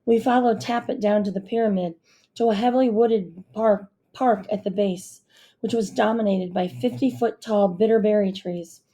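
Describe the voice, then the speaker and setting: An audiobook narrator, a woman with a mid-range voice, reads a novel aloud at a moderate pace. Her scripted narration keeps a steady storytelling manner.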